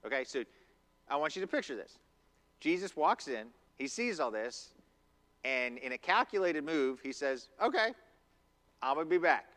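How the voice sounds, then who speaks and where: A man's voice: medium pitch, sharp tone. A man preaching a conversational sermon in a church, acting out quotes as he goes. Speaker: pastor. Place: church sanctuary.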